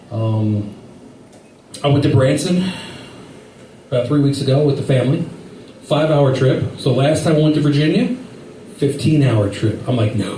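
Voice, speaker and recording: A man doing a stand-up set, telling rambling stories in an animated way with silly voices. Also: mid-range voice. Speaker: stand-up comedian. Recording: echoey room from far off with faint noise.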